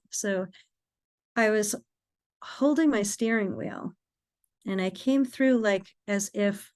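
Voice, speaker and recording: A woman with a middle-pitched voice recounts a personal experience as a podcast guest. She speaks earnestly, with animated emphasis as the story unfolds.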